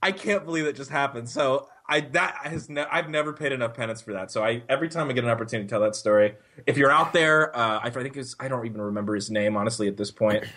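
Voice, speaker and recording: A man on a podcast telling a story in a casual, animated way, swearing and often laughing. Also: medium pitch, fast talker, few pauses. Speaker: podcast co-host.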